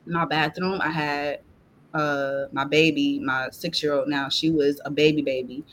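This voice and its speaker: A woman's voice: deep voice, flat delivery, unhurried, slight background noise. A woman guest on a podcast giving a personal faith testimony. She talks in an earnest, emotional way and fills her sentences with "like". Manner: earnest and emotional, heavy use of "like".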